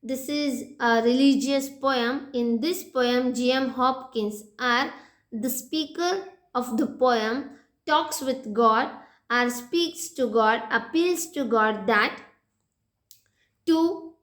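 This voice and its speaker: A woman with an Indian English accent, teaching an English poetry lesson slowly and deliberately, pausing often with "uh". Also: fairly high pitch, fairly bright tone. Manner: slow, deliberate, with frequent "uh" pauses. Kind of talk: recorded lecture.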